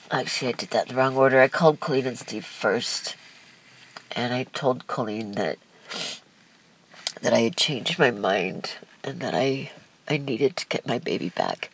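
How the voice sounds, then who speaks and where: A young woman telling a personal life story candidly, in a halting, emotional way with restarts and sighs. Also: extremely low pitch, expressive, slightly rough, rough recording.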